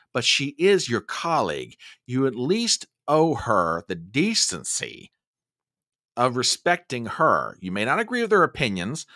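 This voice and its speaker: A man's voice: mid-range voice, sharp tone, dry recording, clean studio sound. A man hosting an opinion show, delivering pointed, combative commentary with emphatic repetition. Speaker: host.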